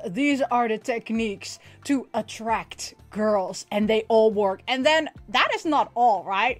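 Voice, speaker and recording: A woman hosting a casual anime recap and toy unboxing, excitable and often laughing as she acts out lines. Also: fairly high pitch.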